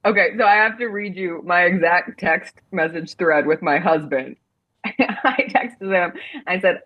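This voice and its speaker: A woman's voice: lowish voice, a little slow, dull audio. Woman hosting a playful sports talk show. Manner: playful, dramatic outrage.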